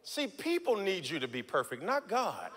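A man preaching a live Sunday sermon in a church, calling out to the congregation and swinging from low, close talk to impassioned shouting. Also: wildly swooping pitch, normal speed, very noisy. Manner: addresses congregation members directly. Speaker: pastor. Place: church sanctuary before a congregation.

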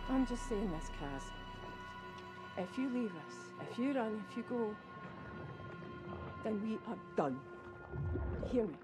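An actress playing a sharp-tongued wife who is fed up with her husband and speaks with biting scorn. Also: a little high, lively intonation, measured pace, pauses often, music in the background. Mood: stern.

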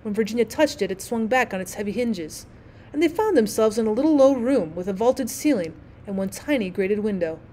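A woman's voice: a little high, expressive, brisk, warm tone. A woman teacher narrating a classic short story as an audiobook, reading steadily and expressively.

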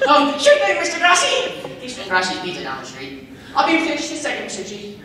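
A man's voice: very high-pitched, huge pitch swings, quick pace, full character voice. A teenage boy playing an eager, upbeat store clerk giving sales patter in a comic stage skit. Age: teens. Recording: echoey hall from far off, crowd.

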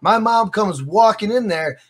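A man's voice: high-pitched, animated, unhurried. A man in a casual podcast interview, telling stories with energy, swearing freely and repeating his phrases. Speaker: interview guest.

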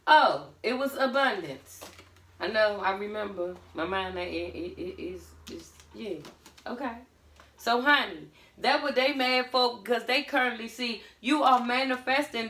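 A woman gives a casual tarot reading in a sassy, blunt way, full of pet names for the listener. Her voice is bright and fairly high. She sits a little away from the mic in a roomy, echoey space. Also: distant mic. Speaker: tarot reader.

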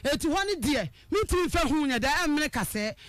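A woman caller tells her own story with strong feeling. Her voice sits very high and cuts sharply. She often lifts her voice almost to a shout as she relives what happened. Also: brisk, a little hiss or hum. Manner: animated, often raising her voice. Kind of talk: emotional personal account.

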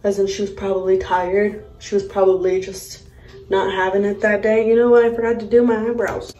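A woman's voice: mid-range voice, little pitch movement, fairly quick, dark tone, muffled recording, slight background noise. A young woman tells a story from her day in a blunt, exasperated, cussing way as she does her makeup. Her voice sits in a middle range. The room around her is echoey. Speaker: vlogger, mother. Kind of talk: casual storytime while doing makeup.

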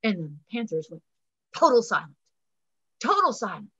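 Woman storyteller, bright voice, dramatic folksy telling, dull video call sound. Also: mid-range voice, sing-song, moderate pace, breathy edge. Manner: dramatic, folksy first-person telling with loud acted cries.

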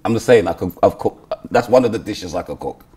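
Brash deep-voiced man joking. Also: animated, a little fast, slightly rough. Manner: loud teasing, swings into shouts and whispers. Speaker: comedian dating show contestant. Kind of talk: brash comic banter.

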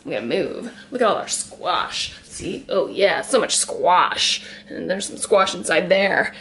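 A woman's voice: fairly low pitch, animated, unhurried, fairly bright tone, slight background noise. A young woman chatting to her camera as she walks around her house, rambling and laughing often. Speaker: vlogger. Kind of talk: casual chat to camera. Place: at home, walking around the house.

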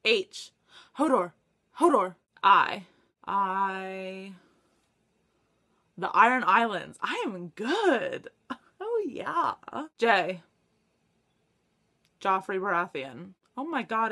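A young woman chatting to camera for her book vlog, excitable, laughing often and swearing when she gets stuck. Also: mid-range voice. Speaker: book vlogger. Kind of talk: casual chat to camera.

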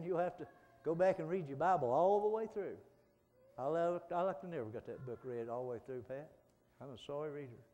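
A middle-aged man, preaching a folksy sermon that swings from soft pleading to loud fervent calls. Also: on the high side. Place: church sanctuary. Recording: long church reverb.

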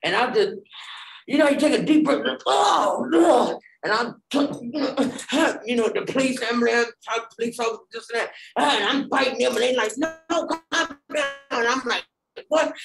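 A woman giving an animated personal testimony in a group, acting out the dialogue with many fillers. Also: on the high side, normal speed, gravelly. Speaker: Bible study participant. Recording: echoey room.

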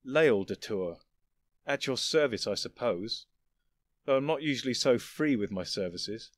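A man's voice: mid-range voice, animated, unhurried, no room sound. Man voicing a smug, sly guild chief, cool delivery, dry recording. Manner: smug, coolly challenging. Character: sly, cocky male guild leader.

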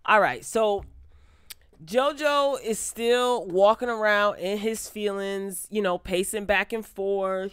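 A woman who recaps reality TV in an animated, laughing way, acting out quotes. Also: mid-range voice, slow pace, smooth, no room sound, studio quality. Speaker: TV recap vlogger. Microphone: close microphone.

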